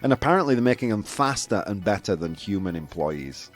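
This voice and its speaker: A man's voice: lowish voice, big pitch swings, brisk, faint music behind. A man with a Yorkshire accent hosting a casual show, chatting loosely with lots of fillers and laughs. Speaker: host. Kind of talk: casual live show chat.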